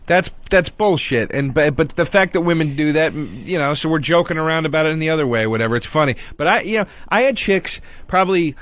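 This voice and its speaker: A man's voice: fairly high pitch, expressive, quick pace, few pauses, fairly bright tone, dry recording. A man in his thirties telling a profane comedy story on the radio, acting out what people said. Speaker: co-host comedian.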